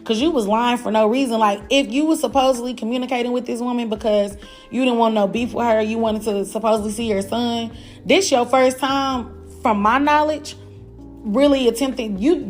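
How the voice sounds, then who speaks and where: A young woman hosting a podcast, telling a personal story in a blunt, animated, profane way and talking straight to her listeners. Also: a little high, brisk, faint music behind. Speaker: podcast host. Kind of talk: casual storytelling.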